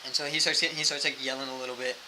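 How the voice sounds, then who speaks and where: A man's voice: mid-range voice, rapid-fire, a little hiss or hum, poor audio. A young man, a missionary, casually telling a story full of fillers and acting out quotes. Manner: animated, fillers like "like" throughout, acts out quotes.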